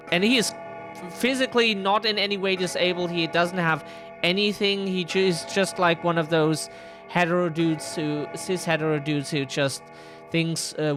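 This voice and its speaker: Slow, sarcastic male game streamer. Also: fairly high pitch. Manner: sarcastic, exasperated asides. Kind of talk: live game commentary.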